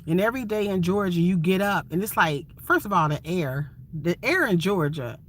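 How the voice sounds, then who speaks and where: A woman's voice: lowish voice, animated, normal speed. A woman from Ohio, a van-life vlogger chatting casually and expressively with viewers on a phone livestream. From Ohio, USA.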